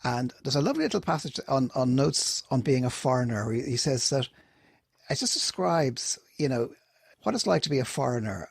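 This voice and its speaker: Man, husky, thoughtful and meandering, book chat co-host, dry sound. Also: medium pitch, very animated, moderate pace, dry recording.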